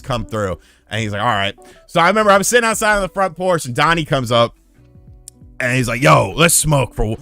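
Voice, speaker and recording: A man's voice: mid-range voice, pushed and bright. A man in his thirties hosting a casual livestream. He tells rambling, profane stories and thanks new members as they join. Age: 30s. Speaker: streamer.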